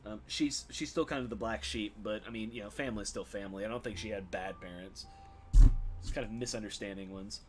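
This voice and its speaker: A man's voice: on the low side, brisk, slight background noise. A man playing in a tabletop game, talking casually and laughing often. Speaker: player.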